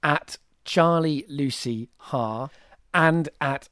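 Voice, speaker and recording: Smooth, fairly high male host. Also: very slow, bright, forceful tone, dry recording, studio quality. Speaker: podcast host. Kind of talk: scripted introduction.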